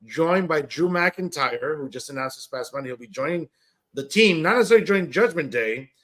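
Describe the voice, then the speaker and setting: A man with a fairly high, fairly bright voice co-hosts a wrestling podcast. He rambles casually through the card, his talk full of "uh" and "you know."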